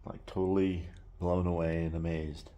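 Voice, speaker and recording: A man's voice: low-pitched, flat delivery, normal speed, dark tone, muffled recording. A man earnestly telling his personal story in a casual, reflective way, often trailing off and restarting.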